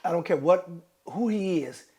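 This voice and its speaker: A middle-aged man hosting a relationship podcast, telling stories in a candid, animated way and acting out quotes with laughter. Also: high voice, moderate pace. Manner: animated storyteller, acts out quotes, laughs often. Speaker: podcast host, relationship counselor. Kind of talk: candid conversational advice.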